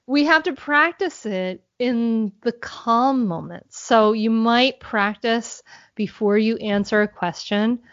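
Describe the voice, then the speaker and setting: A woman answering as a podcast guest, explaining calmly and earnestly, thinking aloud as she goes. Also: a little high, dry recording, highs cut off. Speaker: guest, mindfulness mentor for parents.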